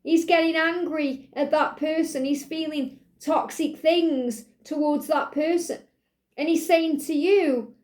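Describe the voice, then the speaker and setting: High-voiced woman reading oracle cards. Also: steady tone, slow pace, a little mellow. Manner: earnest, repetitive, quoting a man's message. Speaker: tarot and oracle card reader. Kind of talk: channeled card reading.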